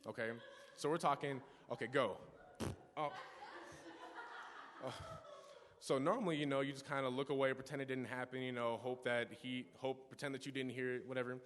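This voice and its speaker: A man's voice: medium pitch, fairly even intonation, normal speed, long pauses, noisy background. A young man in his teens gives an earnest personal testimony in a church service, telling stories with frequent restarts and asides. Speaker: youth speaker giving a testimony. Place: church sanctuary. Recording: long church reverb.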